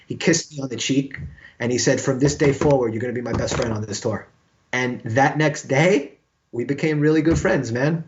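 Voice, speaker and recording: A middle-aged man from New York, a musician guest telling a story in a casual podcast interview, animated and profane, with a lot of fillers. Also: medium pitch. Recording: slightly dull lo-fi sound.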